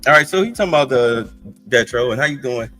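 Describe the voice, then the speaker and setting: A man's voice: medium pitch, lively intonation, fast talker, bright, forceful tone, faint music behind. A man hosting a casual live stream, reacting to a clip with heavy sarcasm and mocking hums. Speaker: streamer host.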